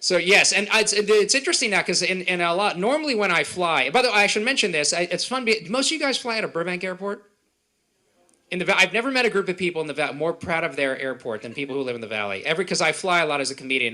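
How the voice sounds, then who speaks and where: A man from Israel performing a stand-up comedy set at a live event, with punchy delivery and quick put-on voices. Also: on the high side, bright, forceful tone. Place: event hall with live audience.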